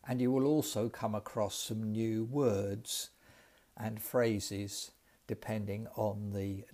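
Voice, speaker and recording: A man's voice: on the low side, a little mellow. Man hosting a language podcast. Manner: clear, measured explanations. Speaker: podcast host. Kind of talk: educational podcast interview.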